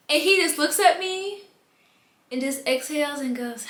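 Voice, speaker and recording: A woman's voice: sits high, takes it slowly, long pauses. A woman from the United States telling embarrassing stories in a casual storytime vlog, acting out her own reactions with big swings in voice. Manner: animated storytelling with dramatic replayed reactions. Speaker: vlogger. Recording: echoey room.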